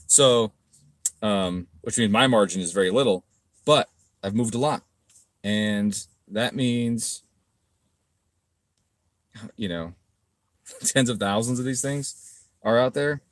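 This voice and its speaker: A man's voice: slow pace, long pauses, no room sound. A middle-aged man answering viewers' questions in a casual livestream, profane and ranting, mocking critics. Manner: profane, ranting, mocks critics in shrill voices. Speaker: car parts business owner answering live chat.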